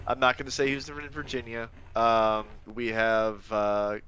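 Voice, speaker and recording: A man's voice: mid-range voice, fairly even intonation, a little slow, pushed and bright, slight background noise. A man chatting casually as a player at a tabletop game, rambling and playful. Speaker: player and organizer of the group.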